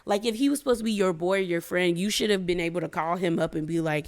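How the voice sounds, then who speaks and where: Talking fast with few pauses, a woman in a lowish voice recaps a reality show. She speaks directly to viewers, offering slangy, opinionated gossip in a casual style.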